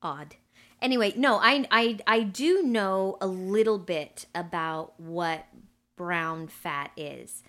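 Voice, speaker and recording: A woman's voice: on the low side, takes it slowly, a bit bright. Woman cohosting a podcast, easygoing chatty banter, goes along with stuff. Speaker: podcast co-host. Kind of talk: casual chat.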